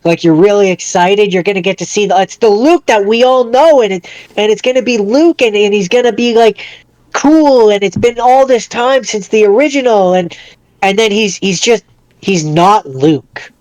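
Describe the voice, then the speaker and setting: A man's voice: high-pitched, moderate pace, a little mellow, no room sound. A man co-hosting a podcast in casual chat, who makes his points emphatically and repeats them. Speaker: podcast co-host.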